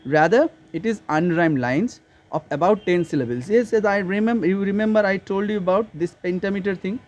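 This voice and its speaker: A man's voice: high voice, fairly quick, darkish tone, muffled recording. A man with an Indian English accent, teaching a casual online literature lesson and stopping often on fillers and restarts. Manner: hesitant, repeats himself with many fillers.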